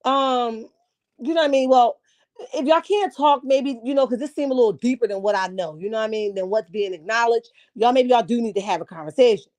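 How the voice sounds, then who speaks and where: A woman's voice: fairly high pitch, a little fast, darkish tone, close to an everyday voice. A woman quoting a hesitant woman mediator, rambling with lots of 'you know' and 'um'. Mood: unsure.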